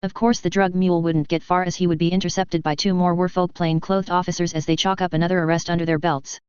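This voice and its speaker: A narrator reading a fan fiction story aloud at a steady, even pace, with few voice changes for the characters. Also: mid-range voice, fast, clear, resonant tone, no room sound. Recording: slightly dull, dry recording.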